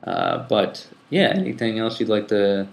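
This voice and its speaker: Low-voiced man hosting a casual podcast. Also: very animated, measured pace, vocal fry. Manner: rambling, many ums and restarts, laughs easily. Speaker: public access TV coordinator and podcast host. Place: room at a community TV station. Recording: roomy echo.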